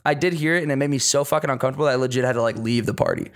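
A man's voice: mid-range voice, rapid-fire. A young man on a podcast, rambling through stories in casual chat, swearing a lot and leaning on fillers. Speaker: podcast co-host.

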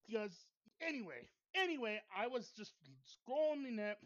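A man's voice: extremely high pitch, sing-song, normal speed, lo-fi sound. Playfully indignant podcast co-host man. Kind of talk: casual chat.

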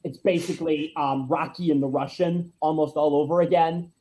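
Animated young man hosting a podcast. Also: on the high side, moderate pace, low-quality recording. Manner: animated, laughs easily, acts out quotes. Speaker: podcast host. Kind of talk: casual chat.

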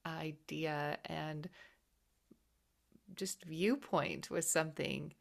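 A woman interviewer responds to her guest warmly and with open emotion, heaping praise on the story she has just heard. Her voice sits somewhat low for a woman. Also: very slow, gravelly. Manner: emotional, effusive. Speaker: host.

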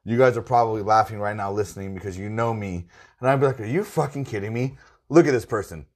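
A man's voice: lowish voice, fast, darkish tone. A man who works in a store, a guest on a podcast, ranting emphatically in casual chat with plenty of swearing. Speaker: store worker.

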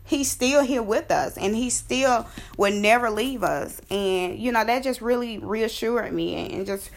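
A woman's voice: on the high side, a little slow, vocal fry. A young woman vlogging, telling a personal story in a chatty, heartfelt way, speaking to viewers as y'all and talking openly about her faith. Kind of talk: casual storytelling.

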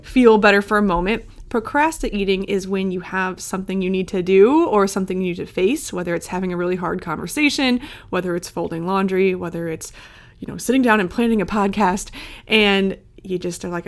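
A woman co-hosting a podcast, chatting casually with playful, animated storytelling. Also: mid-range voice, fairly quick. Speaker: podcast co-host.

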